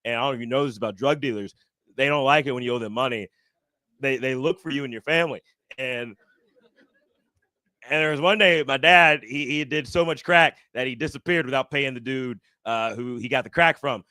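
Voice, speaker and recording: A man doing a stand-up comedy set on stage, animated and acting out other people's voices. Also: fairly quick, no echo. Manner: animated, acts out other people's voices with big jumps in pitch. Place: comedy stage before a live audience.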